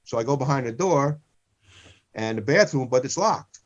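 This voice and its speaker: A man in his sixties co-hosts a comedy podcast, telling meandering, rambling funny stories and repeating himself, often saying "listen." His medium-pitched voice is animated at a normal speed, and the recording sounds muffled and lo-fi.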